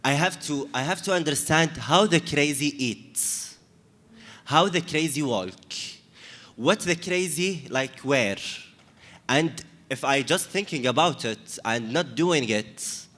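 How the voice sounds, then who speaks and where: A man's voice: fairly high pitch, expressive, takes it slowly, a bit bright. Hesitant man in an echoey hall. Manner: hesitant, many restarts, emphatic. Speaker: actor on a discussion panel. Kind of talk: panel discussion. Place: large hall with audience.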